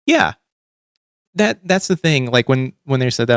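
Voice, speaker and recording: A man's voice: medium pitch, very animated, moderate pace, clear, resonant tone, no room sound. Guy ranting on his stream, swears a lot, trips over his words, dry sound. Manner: ranting, heavy swearing, frequent restarts. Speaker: livestream host. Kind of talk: casual profane commentary.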